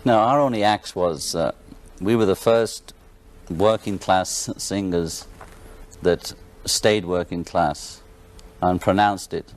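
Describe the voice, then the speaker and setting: A man's voice: deep voice, slow pace. Joking Liverpool man on a talk show. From England, Liverpool. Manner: wry, joking, laughs often. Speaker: guest. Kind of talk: casual talk-show chat. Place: television studio.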